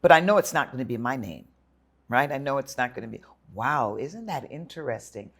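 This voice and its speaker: An older woman telling her story in an interview, lively and dramatic, acting out the voices of others. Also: extremely low pitch, brisk, slightly rough. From Jamaica and United States. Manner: animated storyteller, acts out voices. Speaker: guest.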